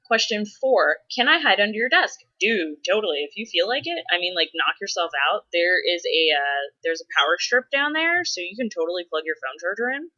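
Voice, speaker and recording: A woman's voice: fairly low pitch, very animated, a little fast, few pauses, bright, forceful tone, muffled recording. A woman vlogging casually, answering follower questions in a chatty way with frequent laughs and dramatic exasperated asides. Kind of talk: casual chat.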